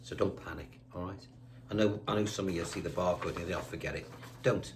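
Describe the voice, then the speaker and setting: A man's voice: low voice, fast talker, a little hiss or hum. A man teaching a guitar lesson, chatty and reassuring, counting notes aloud while seated indoors. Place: indoors, seated on a squeaky chair.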